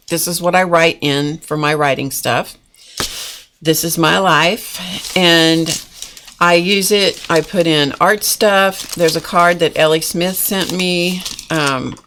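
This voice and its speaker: A woman's voice: on the low side, background noise. Chatty woman teaching art journaling live. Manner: chatty, folksy, talks to viewers in chat. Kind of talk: casual live-stream art demonstration. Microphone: camera mic at a desk.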